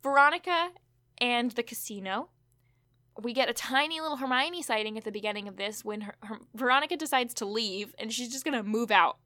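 Woman, podcast co-host, chatty and rambling, bright, dry close sound. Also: a little high, no room sound. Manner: chatty, quick asides, lots of fillers. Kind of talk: casual chat recapping a TV episode.

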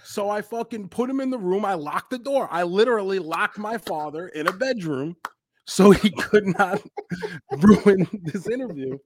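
A man co-hosting a podcast in casual chat, talking candidly and with a lot of swearing, often breaking into loud re-enacted quotes. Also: high voice, expressive, moderate pace. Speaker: podcast co-host.

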